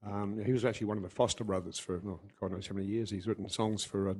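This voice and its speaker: Fast-talking man from New Zealand. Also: on the low side, steady tone, a crowd in the background. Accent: mixed New Zealand and English. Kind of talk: casual podcast chat.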